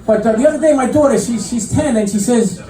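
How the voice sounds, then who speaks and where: A middle-aged man doing a stand-up comedy set, telling deadpan stories full of fillers and restarts. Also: very high-pitched, fast, soft background music. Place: comedy club stage with live audience. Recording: echoey club mic heard from a distance. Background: audience laughter and room noise.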